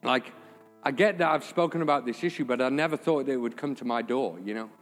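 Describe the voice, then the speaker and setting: A man's voice: mid-range voice, fast talker. A man preaching a sermon, telling a personal story in an informal, earnest way. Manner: informal, jokey asides, then earnest and emotional. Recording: reverberant church hall with faint music.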